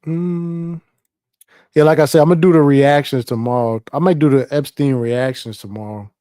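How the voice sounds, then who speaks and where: A man's voice: on the high side, fairly even intonation, normal speed, warm tone, clear, resonant tone, no room sound, clean studio sound. Profane, rambling male livestream host. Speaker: live stream host. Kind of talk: casual livestream commentary.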